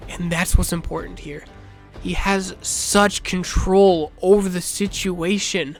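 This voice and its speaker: A man narrating a video essay in a measured, reflective way, with dramatic pauses. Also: high voice, steady tone, vocal fry, soft background music.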